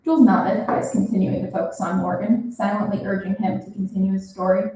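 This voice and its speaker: A woman's voice: mid-range voice, fairly quick. Young woman reading her story aloud, roomy. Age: young adult. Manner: expressive, animated reading. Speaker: student author reading her fiction. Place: reading event room. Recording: roomy, from a distance.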